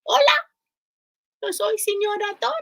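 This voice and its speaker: A woman voicing a small, friendly male mouse puppet in a squeaky, chirpy voice for a children's storytime. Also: a little slow, vocal fry, a bit bright, full character voice.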